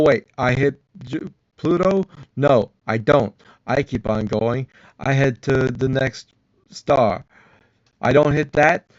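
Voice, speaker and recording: A man's voice: mid-range voice, darkish tone, no echo, dull audio. Rambling man muttering theories aloud. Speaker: reacting vlogger. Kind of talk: arguing back at a science video.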